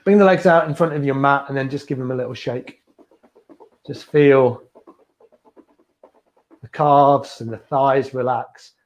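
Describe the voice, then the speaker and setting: A man leading a beginners yoga class with gentle, encouraging step-by-step cues, teaching from a small room at home. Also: medium pitch, measured pace, pauses often. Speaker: yoga instructor.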